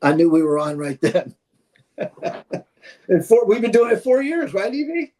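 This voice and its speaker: A man co-hosting a casual podcast, telling a story in an animated way and acting out the lines of the people in it. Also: high-pitched, a little slow. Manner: animated storyteller, acts out quotes. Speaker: podcast co-host. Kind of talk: casual round-table chat.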